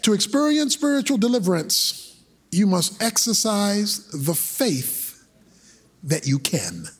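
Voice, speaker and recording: A man preaching a sermon, impassioned and rhythmic, building into shouted passages. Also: high voice, sing-song, slow, breathy edge.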